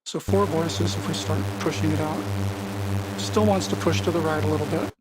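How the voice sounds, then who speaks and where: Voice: mid-range voice, fairly even intonation, moderate pace. A music production tutor walking through synth settings in a casual, explanatory way, often repeating words and correcting themselves mid-sentence. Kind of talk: screen-recorded software tutorial.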